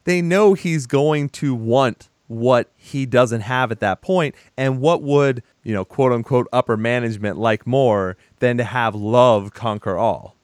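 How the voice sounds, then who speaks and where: A man's voice: medium pitch, a little slow, hardly any pauses, dry recording, studio quality. A man recapping a film in casual chat, animatedly acting out the characters' lines. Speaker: podcast co-host.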